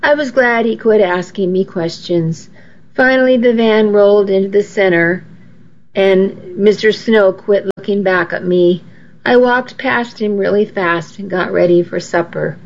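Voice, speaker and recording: A woman's voice: mid-range voice, measured pace, a little mellow. A woman narrating a first-person story in an earnest, storytelling way, on a dull lo-fi recording. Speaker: audiobook narrator.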